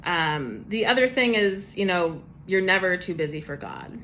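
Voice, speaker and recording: Woman sharing a casual faith testimony; bright tone, relaxed and chatty delivery. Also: lowish voice, moderate pace, slight background noise. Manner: casual, chatty with many fillers and laughs. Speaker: church member giving a devotional. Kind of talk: personal testimony devotional.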